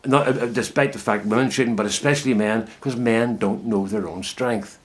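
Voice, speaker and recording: A man's voice: medium pitch, normal speed, few pauses. Rambling middle-aged man in a greenhouse. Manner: rambling, reflective, chatty. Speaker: home potato grower vlogger. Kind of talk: casual talk to camera. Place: inside a greenhouse.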